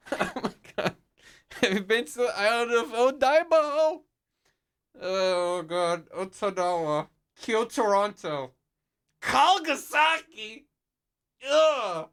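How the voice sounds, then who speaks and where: A man's voice: high voice, sing-song, takes it slowly, long pauses, fairly bright tone, clear, resonant tone. A man streaming a video game, joking and swearing freely as he comments on it, over game music. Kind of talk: let's-play commentary.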